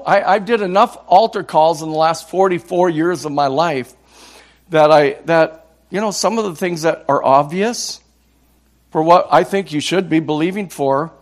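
A man in his sixties from Minnesota, an evangelist preaching a passionate sermon, repeating words and building to loud cries. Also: fairly high pitch.

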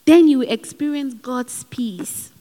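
A woman's voice: high-pitched, unhurried, dark tone. A woman preaching a sermon in an earnest, exhorting way, with personal asides. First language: not given. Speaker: speaker at a Christian gathering. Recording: hall with long reverb.

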